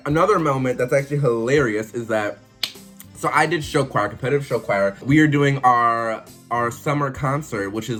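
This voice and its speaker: A young man, telling funny stories in a casual, animated vlog full of swearing and laughter. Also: on the low side. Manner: animated, swearing, laughing, acts out voices and sings snatches. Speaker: vlogger. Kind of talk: casual storytelling.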